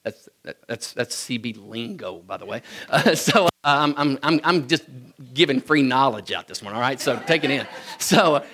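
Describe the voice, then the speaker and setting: A man's voice: mid-range voice, lively intonation, moderate pace, pushed and bright. A man, telling funny childhood stories to an audience in a folksy, joking way. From Kentucky, US. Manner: folksy, joking, chuckles often. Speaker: speaker addressing an audience. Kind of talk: humorous personal storytelling talk.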